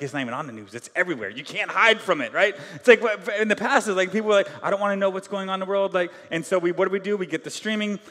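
A man preaching with a high, bright voice, talking loosely and conversationally, with many fillers. His energy swings between loud bursts and quiet asides. The sound rings with the long reverb of a large hall. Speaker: pastor. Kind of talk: sermon.

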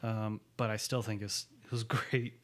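A man's voice: fairly low pitch, little pitch movement, moderate pace, fairly bright tone. A man in casual chat, recapping a TV episode with a co-host, laughing often and slipping into character voices. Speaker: podcast co-host.

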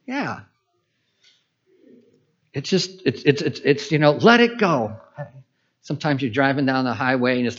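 A man's voice: mid-range voice, fairly bright tone. A pastor preaching a conversational sermon, asking rhetorical questions and voicing his own inner thoughts. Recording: dull lo-fi church sermon recording.

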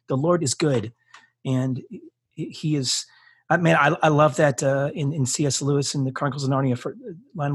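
A man's voice: medium pitch, breathy edge, dry recording, studio quality. A man speaking as a podcast guest, earnest and heartfelt, often restarting and repeating words for emphasis, then leading a closing prayer.

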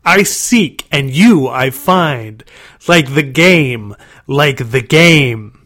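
A man voicing a wicked, vengeful male monster in a storybook reading, growling and shouting slow, drawn-out demands. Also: on the high side, very animated, pitched above the performer's own voice, exaggerated voice. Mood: gleeful.

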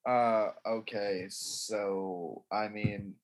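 A man's voice: fairly low pitch, steady tone, extremely slow. A man co-hosting a podcast, trading crude, sarcastic banter in a rambling, casual way. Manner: rambling, sarcastic, laughing often.

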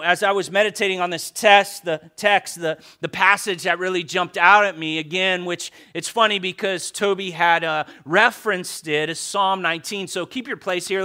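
Male pastor, high and bright voice, conversational sermon delivery with repeated emphatic phrases. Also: clean tone.

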